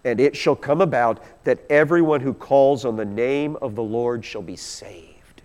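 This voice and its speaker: A pastor preaches a sermon, going through scripture verse by verse and reading passages aloud with mounting intensity. His voice is medium-pitched, a little slow and darkish, and the recording carries a long hall reverb.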